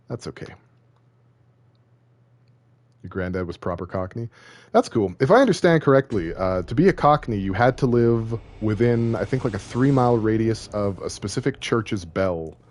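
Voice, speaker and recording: A young man with a fairly low voice chats through a game stream, rambling from thought to thought. He jokes easily and keeps poking fun at himself. The talk is loose and casual. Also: a little mellow. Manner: joking, rambling, self-deprecating. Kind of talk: casual live-stream commentary.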